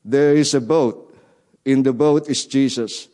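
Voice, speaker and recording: A man preaching in an earnest sermon voice, at an ordinary middle pitch. He keeps repeating his key phrases, and his grammar is that of a non-native speaker. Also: steady tone, measured pace, dark tone. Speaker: guest preacher.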